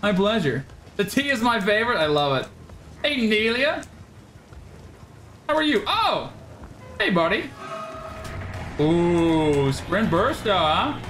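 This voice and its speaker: An excitable woman streamer whose pitch swings widely as she reacts to a game. She swears and trash-talks her opponents between thank-yous to viewers. Game music plays clearly underneath her. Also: slow, long pauses. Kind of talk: live gameplay streaming commentary.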